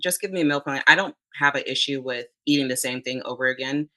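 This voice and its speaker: Low voiced lady chatting on a podcast, bright tone, keeps quoting herself. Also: fast, low-quality recording. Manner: chatty, quotes herself often, frequent restarts. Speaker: podcast guest, fitness competitor. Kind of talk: casual interview chat.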